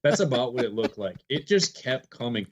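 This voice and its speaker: A man tells a story as a podcast guest, with a medium-pitched voice. He acts out what people said and laughs often. The sound is dull and lo-fi. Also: big pitch swings, a little fast, slight background noise. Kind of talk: casual storytelling.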